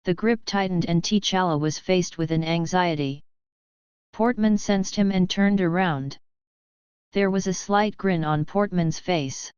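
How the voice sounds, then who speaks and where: Smooth-voiced woman narrating an action story. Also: fairly low pitch, no echo, muffled recording. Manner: even, measured reading.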